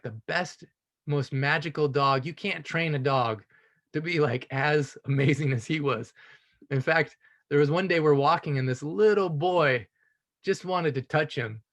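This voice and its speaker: A man sharing a personal story on a group call, earnest and reflective, often adding "you know" and soft laughs. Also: fairly high pitch. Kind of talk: casual spoken storytelling.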